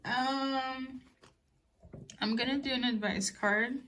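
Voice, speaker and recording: A woman giving a casual spiritual card reading to viewers, talking in a soft, musing way with fillers and gentle reassurances. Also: sits high, steady tone, takes it slowly, noisy background. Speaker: tarot card reader. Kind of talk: casual spoken oracle reading.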